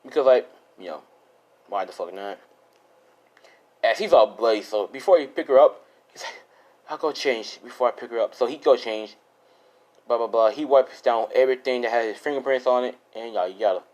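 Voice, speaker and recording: A man's voice: medium pitch, normal speed, pauses often, darkish tone, low-quality recording. A young man improvising a fan-fiction story in a loose, rambling, casual way with lots of fillers and swearing.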